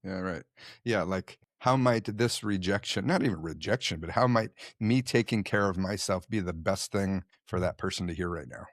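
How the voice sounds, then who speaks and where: Guy hosting a podcast, low voice, dry close sound, thoughtful and reflective. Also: moderate pace, few pauses, no room sound. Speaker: podcast host. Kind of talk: casual interview conversation.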